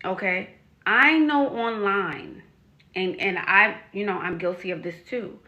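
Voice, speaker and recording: A woman's voice: mid-range voice, unhurried, pushed and bright, dull audio. A woman coach giving frank advice to young women on camera, stressing points by repeating them and asking pointed rhetorical questions. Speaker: dating and life coach. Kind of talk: direct-to-camera advice vlog.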